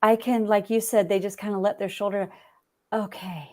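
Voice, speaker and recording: A woman's voice: mid-range voice, fairly even intonation, moderate pace, mellow. Reflective woman author in conversation. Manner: reflective, repeats phrases for emphasis. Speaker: author and interview guest. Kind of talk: conversational interview.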